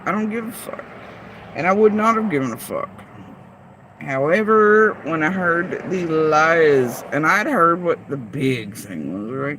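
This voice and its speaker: A woman's voice: deep voice, expressive, fairly bright tone, a little hiss or hum. Heated, profane woman venting on a livestream. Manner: heated, profane, confrontational, rapid-fire rhetorical questions. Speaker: vlogger. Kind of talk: livestream rant addressing chat.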